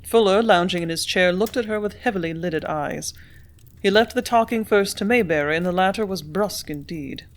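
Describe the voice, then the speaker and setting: A woman reading a classic novel aloud in steady audiobook narration. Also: lowish voice, moderate pace. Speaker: audiobook reader.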